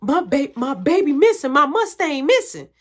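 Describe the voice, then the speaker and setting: A woman voicing her panicked middle-aged mother, frantic and wailing in a high, loud voice. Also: very animated, normal speed.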